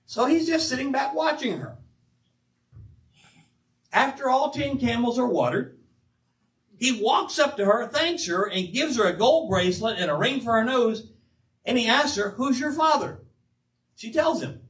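An older man preaching an animated, emphatic sermon as pastor of his church, acting out quoted asides. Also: very high-pitched, unhurried, long pauses. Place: church sanctuary. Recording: roomy church sound from a distance.

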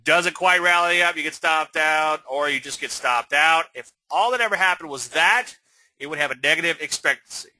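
A man's voice: a little high, normal speed, pushed and bright, no room sound. A man teaching swing trading on a live webinar, rambling and conversational, often checking in with "okay?". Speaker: trading educator.

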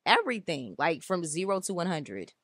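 A woman's voice: lowish voice, sing-song, normal speed, a bit bright, slightly rough, no echo, studio quality. A woman hosting an inspirational spiritual talk, speaking in an emphatic, repetitive, conversational way. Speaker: spiritual channel host.

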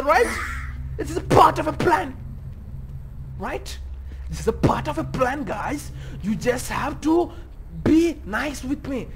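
A man's voice: very high-pitched, noisy background. A man giving let's-play commentary on a horror game, swearing constantly and rambling nervously in a panic. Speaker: gaming YouTuber.

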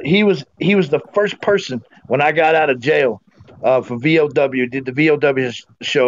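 A man's voice: a little high, highs cut off. A man telling heartfelt, rambling, profane stories as a guest on a video call. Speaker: guest wrestler. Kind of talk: casual remembrance on a video call.

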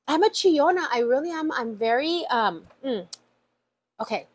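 A high-pitched woman talks casually to her viewers, opening mail with lots of fillers and heartfelt asides. Her voice sits well above the usual for a woman. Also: lively intonation, normal speed. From USA. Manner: chatty and emotional, many fillers like "like" and "y'all". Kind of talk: casual chat.

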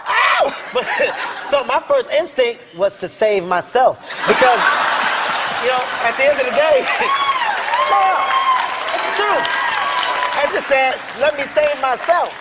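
High-voiced, animated comedian man. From Philadelphia. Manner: animated, laughing, yelling punchlines. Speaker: talk show guest. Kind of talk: comedic storytelling. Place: television studio with audience. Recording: loud studio audience laughter, noisy.

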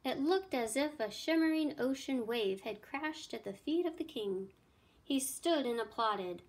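A woman teacher reading a children's math story aloud with clear, expressive storytelling. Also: high-pitched, measured pace.

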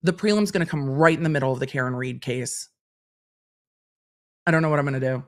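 A woman's voice: a bass voice, fast. Wry, chatty woman commentating on court filings. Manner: chatty, wry asides while reading legal documents aloud. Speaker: legal commentator host.

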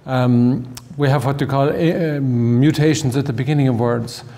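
A man's voice: medium pitch, warm tone. Man lecturing in a reverberant hall. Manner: halting, many restarts and fillers, slow spelled-out examples. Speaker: language lecturer. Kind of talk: informal festival talk.

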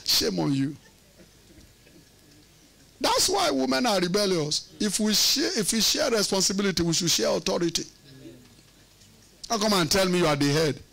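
A man's voice: sits high, lively intonation, brisk, vocal fry, fairly bright tone. A man preaching a sermon as pastor, emphatic and teasing, using call-and-response questions and repeating words for effect.

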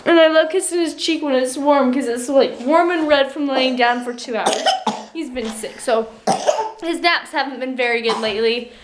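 A young woman talking casually to the camera in a home vlog, chatty and excitable, quick to laugh. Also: sits high, background noise. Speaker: mother and family vlogger.

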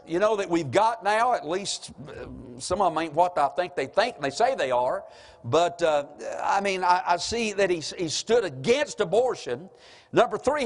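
A man preaching a sermon as pastor, folksy and emphatic, full of rhetorical questions. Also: sits high. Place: church sanctuary.

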